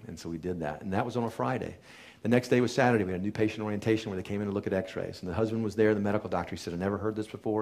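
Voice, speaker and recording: A middle-aged man, a chiropractor, telling an emotional patient story to a live audience in an earnest, emphatic way that often drops to a hushed tone. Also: lowish voice. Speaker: chiropractor giving a talk.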